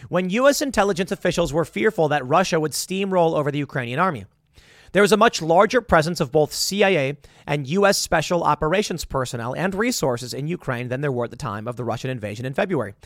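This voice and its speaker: Sarcastic man ranting with lively pitch. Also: no room sound, studio quality. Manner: sarcastic, acts out mocking voices of others. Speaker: political commentary host. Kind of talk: opinionated monologue.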